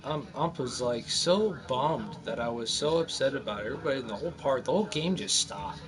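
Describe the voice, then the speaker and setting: A man in his forties casually telling a rambling story over his gameplay, animated and full of restarts. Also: medium pitch, brisk. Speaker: gamer narrating his gameplay.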